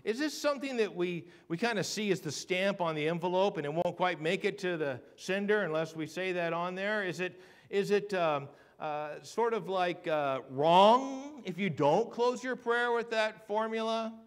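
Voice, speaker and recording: A man preaching a sermon in a church. He swings from hushed to loud and leans on rhetorical questions and repetition. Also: high-pitched, normal speed, few pauses. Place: church sanctuary.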